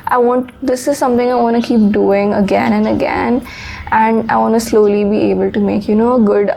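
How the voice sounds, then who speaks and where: A young woman talking to the camera in a casual vlog, rambling and candid, low-key and sleepy. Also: level tone, a little fast, creaky, mellow, a little hiss or hum, poor audio. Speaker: author and vlogger. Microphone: phone.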